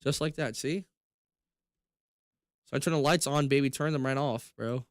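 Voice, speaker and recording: A man's voice: mid-range voice, dry recording. A young man live streaming, chatting loosely and profanely with viewers between laughs. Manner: loose, profane, fast-shifting banter with laughs. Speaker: gaming streamer.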